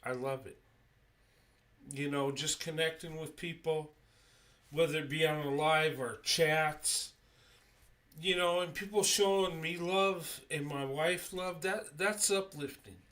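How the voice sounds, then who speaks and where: Middle-aged man, slightly high voice, slow, sincere live-stream host. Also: steady tone, a bit bright, recorded from a distance. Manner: earnest, repeats "okay?" often, halting restarts. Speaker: YouTube channel host. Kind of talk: livestream monologue.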